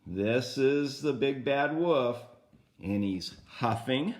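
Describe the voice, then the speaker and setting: An older man reading a picture book aloud to a child, animated and often asking the listener questions. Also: medium pitch, slow pace. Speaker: grandfather storyteller.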